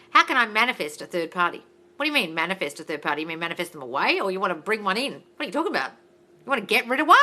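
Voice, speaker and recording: An Australian woman, a mindset coach, answering viewer comments in a blunt, loud, sweary way during a casual live stream. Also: lowish voice. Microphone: phone livestream.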